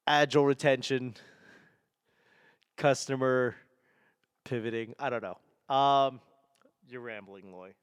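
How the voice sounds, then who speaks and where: A man in his forties from the Boston area with a softened Boston accent, rambling and self-mocking on his own podcast. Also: medium pitch, slow pace, pauses often, clean tone, no echo, clean studio sound. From Boston area, New England. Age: 40s. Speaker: podcast host and stand-up comedian. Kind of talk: solo casual podcast rambling.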